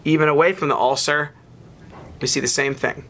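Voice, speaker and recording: A man with a bright, slightly high voice explains pathology slides in a loose, unscripted way. He pauses with ums and restarts phrases as he points things out. It sounds like a narrated teaching recording. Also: slight background noise. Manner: relaxed explaining with fillers and restarts. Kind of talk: narrated microscope slide lecture.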